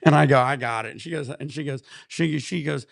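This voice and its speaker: A man in his thirties hosts a laid-back stream, rambling through stories with plenty of swearing and laughter. His mid-pitched voice has a gravelly edge. The sound is close and dry, with almost no room around it. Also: fairly quick, no echo. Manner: rambling, profane storytelling with frequent laughs. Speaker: cannabis stream host. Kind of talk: casual livestream chat.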